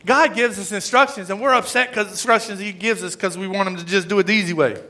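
A man preaching a sermon in a casual, conversational way, swinging between loud asides and hushed emphasis. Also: sits high, fast talker, few pauses. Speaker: pastor.

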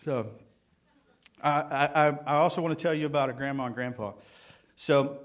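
Halting man preaching casually. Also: on the high side. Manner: folksy, halting, many fillers, tells jokes with acted voices. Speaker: guest preacher. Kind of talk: sermon.

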